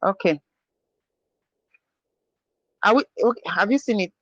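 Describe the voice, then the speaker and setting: A teacher from Nigeria giving an online language lesson over a video call, patiently repeating each word slowly. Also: medium pitch, lively intonation, dry recording, dull audio.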